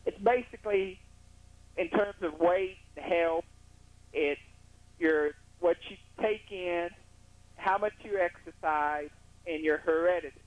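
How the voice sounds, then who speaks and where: A man's voice: sits high, slow pace, long pauses, no room sound, phone-quality sound. A male caller giving plain, matter-of-fact advice over the phone. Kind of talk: call-in advice.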